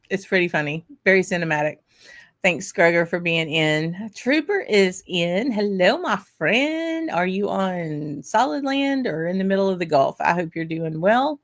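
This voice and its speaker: Her voice lowish, a woman runs a whisky livestream show, chatting bubbly and casually as she welcomes viewers by name and shouts out the chat. Frequent "um"s and "y'all"s mix with bursts of laughter.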